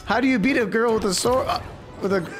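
A young man giving live gameplay commentary, excitable and prone to high squeals when something delights him. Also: fast talker, soft background music. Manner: excitable, swings into high squeals over cute moments. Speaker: streamer.

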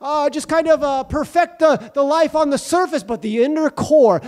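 A man's voice: extremely high pitch, moderate pace, few pauses, darkish tone. A man preaching a sermon and praying fervently, with emphatic repetition of phrases. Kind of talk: sermon with prayer.

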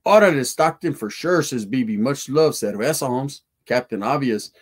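A man's voice: mid-range voice, animated, moderate pace, husky. A man hosting a casual livestream, reading viewer comments aloud in profane street slang mixed with Spanish words. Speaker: livestream host.

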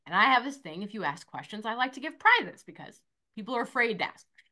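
Fast-talking and on the high side in pitch, this esthetician and motivational coach in her forties is a guest in an energetic interview. She comes across as bubbly and animated, performing the voices of those she quotes.

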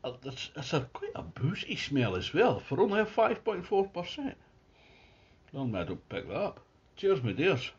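A man giving a casual, chatty beer tasting review at home, describing the beer in relaxed detail. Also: a little high, moderate pace, lo-fi sound. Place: at home near his Christmas tree.

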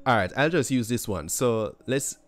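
A man's voice: medium pitch, lively intonation, moderate pace. A man from Jamaica hosting a podcast in a loose, slangy casual chat. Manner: loose, slangy, with bro and fam. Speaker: podcast host.

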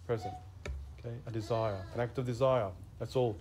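A Catholic priest giving a sermon in an earnest way, stressing key words. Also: male voice, mid-range voice, steady tone, fairly quick, background noise.

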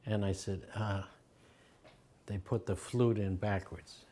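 A man's voice: lowish voice, fairly even intonation, slow pace, dark tone. An older man recalling his teacher in an interview, telling anecdotes and acting out the quoted voices with a chuckle.

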